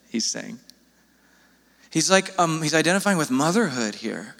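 A man preaching a sermon as pastor, earnest and pleading, his voice jumping up in pitch when he presses a point. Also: lively intonation, moderate pace, vocal fry, pauses often, fairly bright tone, big-room sound.

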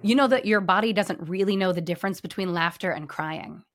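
A middle-aged woman hosts a podcast, her talk lively and full of voiced quotes. Her voice sits in a dry, close recording with no room around it. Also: mid-range voice, a little fast, dry recording. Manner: animated, storytelling with voiced quotes. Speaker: podcast host; former pastor. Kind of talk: casual conversation.

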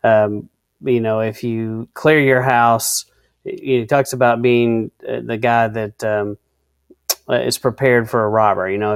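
Low-voiced man in Bible-study chat. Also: no room sound. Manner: restarts often, reads out definitions. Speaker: co-host of a faith discussion. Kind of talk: casual Bible-study discussion.

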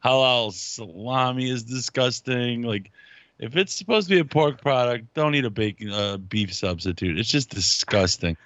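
A man's voice: medium pitch, lively intonation, normal speed, a bit bright, no echo. A man co-hosting a podcast in crude, swearing, mocking rants. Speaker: podcast co-host. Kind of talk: casual podcast chat.

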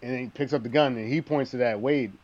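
A man co-hosting a casual movie discussion, relaxed and laughing as he retells scenes. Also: medium pitch, quick pace, muffled recording.

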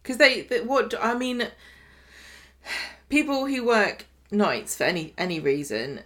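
Woman, medium pitch, opinionated casual podcast chat, rhetorical questions. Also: takes it slowly, a bit bright. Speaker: podcast co-host. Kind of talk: casual chat about a soap opera.

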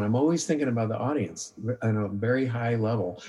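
A middle-aged documentary filmmaker with a medium-pitched voice talks briskly, with few pauses, in a casual podcast interview. He's an animated storyteller who acts out his own inner voice, restarting often and leaning heavily on the filler "like."

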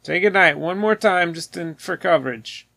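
A man's voice: high-pitched, normal speed, gravelly, sharp tone, no echo, studio quality. A man co-hosting a podcast, chatting casually and joking with friends. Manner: joking, teasing. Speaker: podcast co-host. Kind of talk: casual chat.

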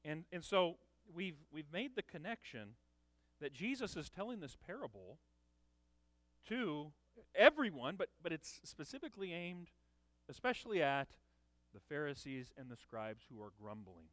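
A man preaching a sermon, emphatic, with loud dramatic peaks. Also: a little high, animated, normal speed, no room sound. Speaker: pastor.

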